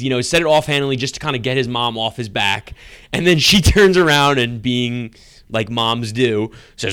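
A man's voice: medium pitch, moderate pace, a bit bright, smooth, no echo, studio quality. A man co-hosting a podcast in casual chat, rambling and laughing as he tells stories. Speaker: podcast co-host.

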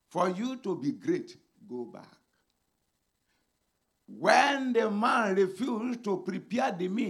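A man preaches with fire, his fairly high voice leaping wildly up and down. The tone is bright and cutting, with a gravelly edge. He swings from shouts to near-whispers. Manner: dramatic, swings between shouting and hushed speech. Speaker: pastor. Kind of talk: sermon.

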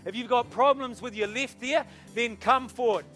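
A man, a pastor, leading an altar call and prayer in a church service, hushed at times and urging at others. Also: extremely high pitch, normal speed, faint music behind. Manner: soft and hushed while praying, rising to loud urging. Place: church service with music behind.

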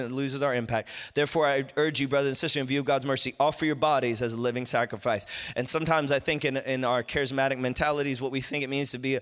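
A man preaching a sermon as pastor, swinging from low murmurs to loud impassioned shouts. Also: long reverb tail.

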